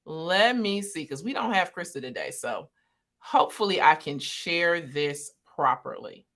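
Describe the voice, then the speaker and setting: A woman's voice: deep voice, unhurried. Laughing woman co-hosting a stream. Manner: laughs often, animated. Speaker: co-host. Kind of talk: casual livestream discussion. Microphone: video call.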